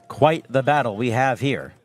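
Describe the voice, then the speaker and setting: A young man doing baseball play-by-play commentary, steady between pitches and climbing high and loud on big plays. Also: normal speed. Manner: steady calls that rise sharply on big plays. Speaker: play-by-play announcer.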